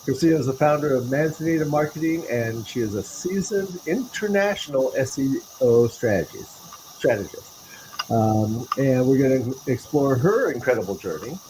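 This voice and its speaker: A man's voice: mid-range voice, lively intonation, normal speed, few pauses. A man hosting a podcast who opens the episode in a loose, joking way and introduces the guest. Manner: jokey and loose, laughs between takes. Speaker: podcast host. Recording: noticeable background hiss.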